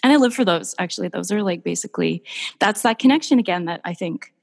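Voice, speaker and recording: A woman artist telling warm, gushing stories in a casual podcast chat, with many restarts. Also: medium pitch, lively intonation, fast talker, vocal fry. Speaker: painter, podcast guest. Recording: long hall reverb.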